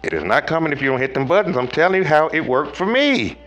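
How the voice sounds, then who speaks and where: A man giving a preachy tarot reading in a slangy, profane way, talking straight to viewers and swinging between loud highs and low murmurs. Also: lively intonation, rapid-fire, faint music behind. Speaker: tarot reader.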